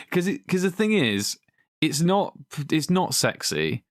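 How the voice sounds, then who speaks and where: A man's voice: a little high, big pitch swings, unhurried, no room sound, studio quality. A man co-hosting a podcast, chatting casually and animatedly about a film, exasperated and swearing. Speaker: podcast co-host. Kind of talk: casual chat reviewing a film.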